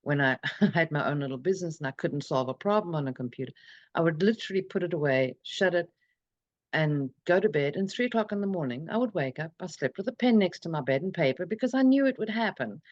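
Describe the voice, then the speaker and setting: Middle-aged woman telling her story, earnest and halting, lo-fi dead-dry sound. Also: deep voice, expressive, dry recording. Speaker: interview guest. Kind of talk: personal storytelling in a conversation.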